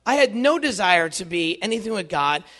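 A man in his fifties giving an earnest, animated inspirational talk to young people, telling his own faith story with self-deprecating humor. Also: sits high, moderate pace. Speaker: Catholic youth speaker.

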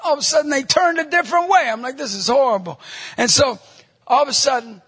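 A man leading a Catholic evangelization ministry, telling stories in a conversational, animated way in a talk to a church group. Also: extremely high pitch, quick pace, in a large hall.

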